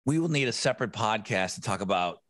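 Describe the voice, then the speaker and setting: Middle-aged man with lively crude humor. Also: fairly low pitch, dry recording. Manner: blunt, crude humor, emphatic and quick. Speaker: podcast co-host. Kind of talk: casual chat.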